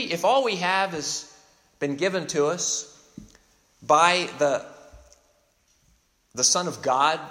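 A man preaching a sermon in a church, his voice pitched a little high and carrying a long echo through the hall. He talks earnestly and emphatically, often restarting mid-phrase and repeating words as he works toward each point. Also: a bit bright. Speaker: pastor.

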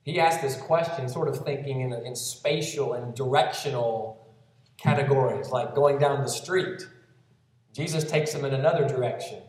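A man delivers a gentle, expository sermon, explaining scripture verse by verse. His voice rings through a very reverberant space. He stands some way off from the microphone. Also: medium pitch, moderate pace. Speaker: pastor. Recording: very echoey room, voice from a distance.

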